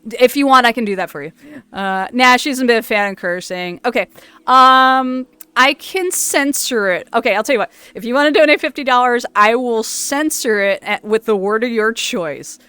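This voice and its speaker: A woman hosting a casual livestream, chatty and quick to laugh, often stumbling and restarting her words. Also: on the high side, expressive, sharp tone, smooth, no echo. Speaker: streamer host.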